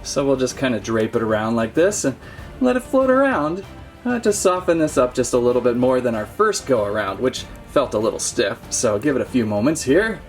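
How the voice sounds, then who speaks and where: A man's voice: medium pitch, big pitch swings, a little fast, faint music behind. A man hosting a casual toy unboxing, talking in a playful, jokey, mock-serious way. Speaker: toy channel host.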